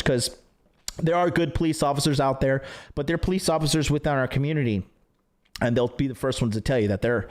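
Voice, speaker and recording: A man hosting a livestream who tells stories in a rambling, profane way full of fillers. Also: on the high side. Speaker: dating coach and stream host. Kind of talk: casual livestream rant.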